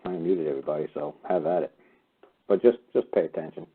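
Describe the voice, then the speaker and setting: Male call-in host: brusque, swearing lecturer, talks quickly, tinny phone-line quality. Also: very deep voice, fairly even intonation, slight background noise. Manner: blunt, profane and lecturing. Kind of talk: call-in radio talk. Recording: phone-like narrow sound.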